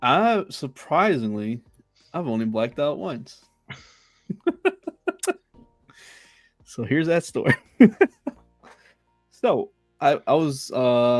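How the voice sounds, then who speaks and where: Gravelly young man, halting, full of fillers, dry close sound. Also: medium pitch, no room sound. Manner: halting, laughs often, filler-heavy. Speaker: podcast co-host. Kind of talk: casual storytelling.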